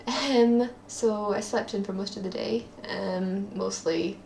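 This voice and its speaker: Young Scottish woman with a gravelly voice. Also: mid-range voice, steady tone, slow, darkish tone, echoey room, slight background noise. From Scotland. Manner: rambling and self-deprecating, many ums. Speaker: vlogger. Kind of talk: casual daily video diary. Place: at her parents' home, indoors.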